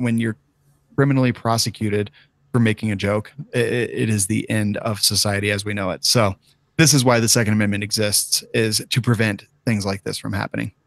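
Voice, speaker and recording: A man's voice: fairly low pitch, gravelly, no echo. Dry-voiced male podcast host. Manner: laughs often, reads sponsor ads. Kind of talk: casual chat.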